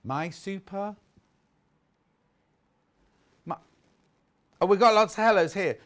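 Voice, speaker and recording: A man's voice: sits high, moderate pace, a bit bright. A man presenting a live TV shopping show, chatting casually and reading out viewer messages. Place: TV studio.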